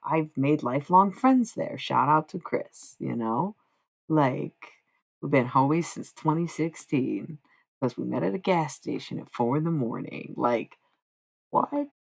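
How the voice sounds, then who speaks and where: A woman's voice: low voice, animated, a little slow, gravelly, husky. A woman livestreaming in casual chat, talking candidly with frequent profanity and self-mocking humor.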